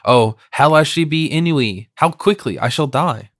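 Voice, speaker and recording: Guy putting on a bossy teasing young lady in an audiobook, voice pushed up higher. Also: lively intonation, unhurried, no echo, clean studio sound. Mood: coaxing. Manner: coaxing, insistent. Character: lively young woman, teasing, bossy friend.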